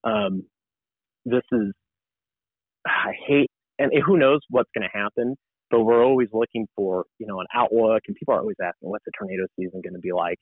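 A male TV meteorologist chats as a guest and tells animated stories, acting out the lines people said to him. His voice sits fairly low and sounds dry and tinny, as if over a phone line. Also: a little fast, no echo. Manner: animated storyteller, acts out quoted dialogue. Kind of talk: casual podcast conversation.

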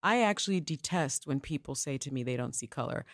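A woman's voice: sits low, lively intonation, no room sound, clean studio sound. A woman co-hosting a podcast, giving her opinions in an emphatic, casual way. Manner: emphatic, opinionated, quick asides. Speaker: co-host.

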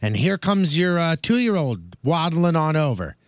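A man's voice: fairly high pitch, sing-song, a little slow, smooth, dry recording, studio quality. A man co-hosting a radio show, telling a story and acting out dialogue, stammering as he argues. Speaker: radio co-host.

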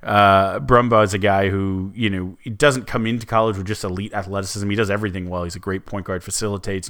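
Deep-voiced man chatting sports. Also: a bit bright. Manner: rambling, many restarts and fillers, chuckling. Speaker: co-host. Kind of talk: casual sports podcast chat.

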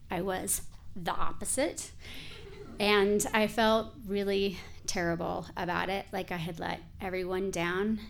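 Woman in her forties, gravelly voice, candid personal storytelling, conversational and loose. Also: medium pitch. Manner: candid, conversational, with filler words.

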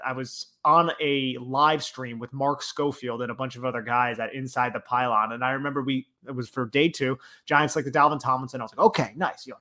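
A man's voice: medium pitch, a bit bright. A man co-hosting a sports podcast, talking in a casual, upbeat way and breaking down plays with analytical detail. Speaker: podcast co-host.

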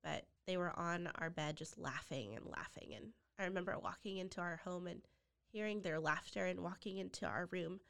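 A woman, a podcast guest and foster mother, telling a personal story with deep feeling and sometimes dropping to a near-whisper. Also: moderate pace, gravelly, fairly bright tone. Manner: heartfelt, drops to near-whispers when quoting others.

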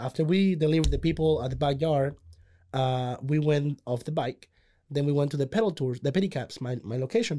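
A man, excitedly telling a story in casual chat, repeating words and restarting. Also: fairly high pitch. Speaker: pedicab driver telling a story.

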